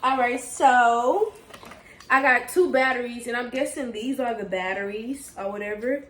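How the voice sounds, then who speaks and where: A woman's voice: on the high side, measured pace, roomy sound. A young woman gushing her way through a casual unboxing vlog, talking straight to her viewers. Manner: gushing, excitable, talks straight to viewers with "y'all". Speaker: vlogger.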